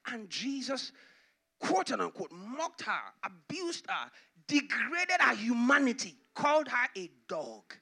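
A male pastor preaching a sermon, dramatically swinging from loud to hushed. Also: extremely high pitch, big pitch swings, measured pace.

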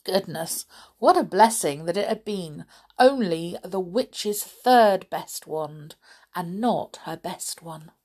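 Slow, lively woman reading aloud. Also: lowish voice. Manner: gentle, expressive read-aloud tone for children. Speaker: storyteller. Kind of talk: reading a children's book aloud.

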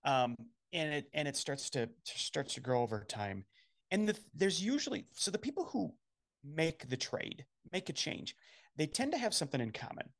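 A man's voice: fairly high pitch, very animated, moderate pace, fairly bright tone. A man guesting on a podcast as a career coach, explaining ideas earnestly and often restarting his phrases. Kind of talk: conversational explanation.

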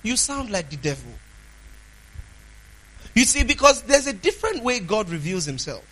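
A man preaching a sermon, emphatic, asking the congregation questions and swinging between loud declarations and hushed asides. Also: sits high, wildly swooping pitch, moderate pace, rough recording.

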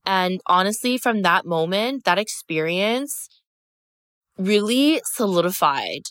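A woman's voice: mid-range voice, lively intonation, takes it slowly, fairly bright tone, clean tone, no echo, studio quality. A young woman hosting her own podcast, telling a personal story in a candid, emphatic way, with lots of "like" and swearing. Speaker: podcast host. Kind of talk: casual storytelling monologue.

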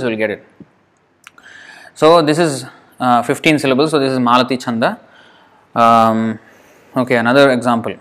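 A man teaching an online class, patiently reading out students' answers and counting syllables aloud slowly. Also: medium pitch, fairly bright tone. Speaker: Sanskrit teacher.

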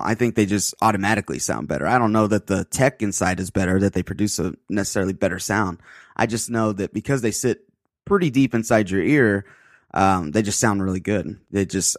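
A fairly low-voiced man co-hosts a tech podcast, giving his opinions in a relaxed, hedging way with many "you know"s and "uh"s. The sound is dry and close to the mic. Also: no echo. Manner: laid-back, hedging, filler-heavy talk. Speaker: podcast co-host. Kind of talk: casual tech podcast chat.

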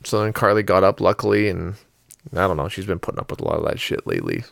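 A man co-hosting a podcast in casual chat, telling stories in an animated way with swearing and laughter. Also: sits low, quick pace, vocal fry, no room sound, studio quality. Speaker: podcast co-host.

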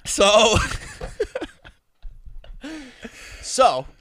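A man's voice: very high-pitched, big pitch swings, very slow, very noisy. A man telling a wild party story in casual chat, laughing and swearing freely.

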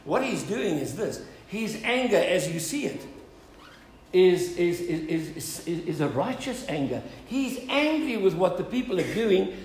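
Preacher with a gravelly voice. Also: male voice, high-pitched, sing-song, a little slow, echoey room, a little hiss or hum, low-quality recording. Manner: earnest preaching, rising to emphatic calls, repeated "Amen?". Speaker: pastor. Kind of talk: sermon.

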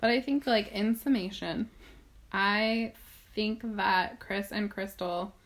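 A woman's voice: mid-range voice, takes it slowly. Chatty woman recapping with a co-host. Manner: chatty recapping, frequent laughs. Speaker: podcast co-host. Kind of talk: casual chat.

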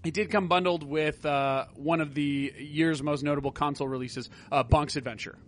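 A man's voice: fairly high pitch, steady tone, moderate pace, a little hiss or hum. A man co-hosting a casual gaming podcast, rambling through tangents and swearing now and then. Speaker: podcast co-host.

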